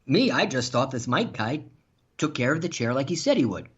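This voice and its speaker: A man's voice: mid-range voice, normal speed, breathy edge. Man animatedly telling funny stories. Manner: animated, laughs while telling anecdotes. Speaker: podcast guest. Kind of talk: casual storytelling. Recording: dull lo-fi sound.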